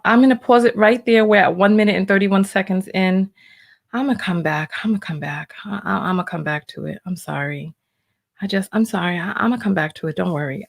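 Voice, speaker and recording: Reaction host, woman; flustered, stammering, casual talk, middle pitch. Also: vocal fry.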